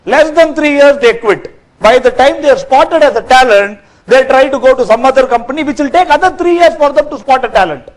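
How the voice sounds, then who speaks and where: A man gives a corporate training talk from a workshop stage, lively and quizzing his audience. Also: very high voice, a little fast, rough recording. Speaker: workshop speaker.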